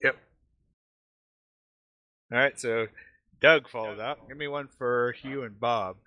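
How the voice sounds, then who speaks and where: A man's voice: mid-range voice, steady tone, slow, no room sound, muffled recording. A man running a tabletop game as game master, narrating casually with chatty asides.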